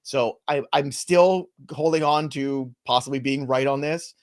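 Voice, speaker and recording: A man co-hosting a live fantasy baseball stream, chatting casually and joking between player updates. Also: mid-range voice. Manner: loose, joking banter with quick asides.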